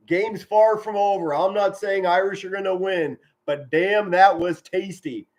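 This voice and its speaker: Man, middle-aged, high-pitched, amateur football play-by-play, excitable, yells big plays, chatty with viewers. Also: unhurried, few pauses. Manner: enthusiastic, yells touchdown calls, chatty and sentimental with viewers. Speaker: amateur play-by-play commentator streaming live. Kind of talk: excited live football commentary and chat with viewers.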